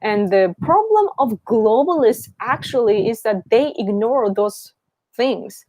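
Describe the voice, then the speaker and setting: Unhurried Japanese woman hosting a live Q&A. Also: fairly high pitch, expressive, warm tone, no room sound. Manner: rambling, searching for words. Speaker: live-stream host. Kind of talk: casual live Q&A chat.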